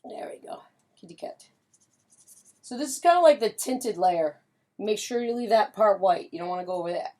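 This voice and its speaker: An upbeat woman talks her way through a watercolor lesson, chatty and easygoing, with plenty of fillers and little hummed tunes. Her voice sits at an ordinary middle pitch. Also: animated, a little fast, warm tone. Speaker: pet portrait artist and painting instructor. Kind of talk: casual painting demonstration.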